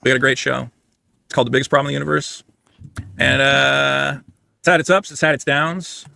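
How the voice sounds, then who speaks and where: A man's voice: medium pitch, flat delivery, fairly quick, gravelly, bright, forceful tone, dry recording. A podcast co-host pleading with his partner, often repeating himself and restarting his sentences. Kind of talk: podcast argument.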